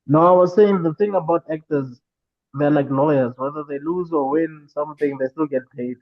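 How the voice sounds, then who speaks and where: A man's voice: fairly high pitch, normal speed, lo-fi sound. A man co-hosting a casual movie podcast, making wry, dry jokes. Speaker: podcast co-host.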